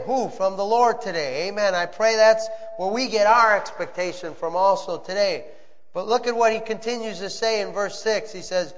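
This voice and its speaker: Pastor, male, high voice, earnest preaching with amens; dull lo-fi audio, long reverb. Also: moderate pace. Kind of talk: sermon. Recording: muffled sound with long reverb.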